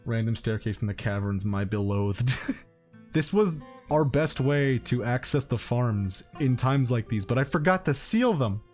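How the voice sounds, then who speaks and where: A man streams a colony game and talks it through in a loose, wry way. He chides his little characters out loud. Faint guitar music plays under his voice. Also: animated, unhurried. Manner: wry, talks to his game characters, swings into high-pitched exasperated yelps. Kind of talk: casual gameplay commentary.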